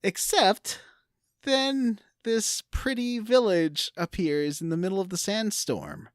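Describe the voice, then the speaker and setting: A woman's voice: mid-range voice, lively intonation, takes it slowly, no echo. A woman co-hosting a casual gaming podcast, recapping the plot with wry, dry asides. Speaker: podcast co-host.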